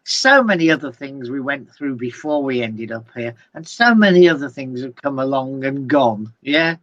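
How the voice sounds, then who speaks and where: A man's voice: medium pitch, lively intonation, normal speed, a bit bright, no echo. A man, co-hosting and closing a live online chat show in a rambling, casual way with plenty of fillers. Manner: chatty, rambling, with frequent fillers. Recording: dull, dry, lo-fi video call audio.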